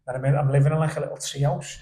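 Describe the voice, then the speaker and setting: A young man on a podcast, telling stories in a lively, animated way and laughing along as he goes. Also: fairly high pitch, racing, roomy sound. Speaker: podcast guest. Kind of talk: casual storytelling chat. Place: indoor podcast studio.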